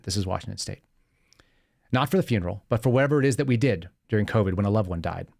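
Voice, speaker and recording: A man hosting a live podcast, speaking in an emphatic, fast-paced monologue and reading a post aloud. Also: fairly low pitch, darkish tone, no room sound, clean studio sound. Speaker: podcast host.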